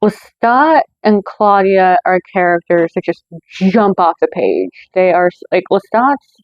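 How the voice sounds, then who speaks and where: A woman's voice: on the low side, lively intonation, unhurried, dry recording, lo-fi sound. A woman hosting her own movie review channel, talking in a chatty way with lots of fillers and self-corrections. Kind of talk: casual scripted review.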